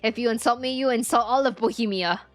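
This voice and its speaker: A woman's voice: fairly high pitch, fast talker, soft background music, close to an everyday voice. A woman voicing a spoiled, boastful young boy prince with a put-on French-like accent and stiff, whiny broken English. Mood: pompous. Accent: put-on French-like foreign accent.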